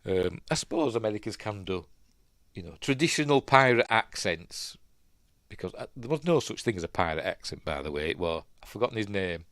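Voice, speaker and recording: A man with a Yorkshire accent chats his way through a film as he watches it, rambling and wandering off on tangents. His voice sits on the low side but swings up and down a lot. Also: animated, brisk, a bit bright, dry recording, studio quality. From Yorkshire, England. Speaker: film reviewer, channel host. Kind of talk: casual rambling commentary while watching a film.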